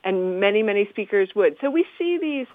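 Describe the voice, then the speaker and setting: A woman who studies the history of the language talks through word pronunciations with articulate, lecturing ease. Her voice sits at a middling pitch and comes through a narrow, phone-like channel. The sound is dry, with no room around it. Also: lively intonation, fairly quick, no room sound. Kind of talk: conversational explanation.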